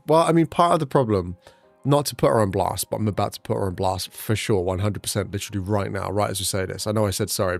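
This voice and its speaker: Whenever he quotes someone, this young man's pitch shoots up as he chats casually and quickly with his livestream viewers, cursing freely. He's a streamer.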